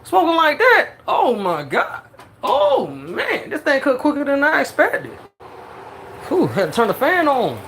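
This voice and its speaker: A hyped home cook filming a cooking vlog, talking excitedly to the chat in slangy exclamations. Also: high voice, measured pace. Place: home kitchen with the fan running. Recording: noisy, with kitchen fan hum.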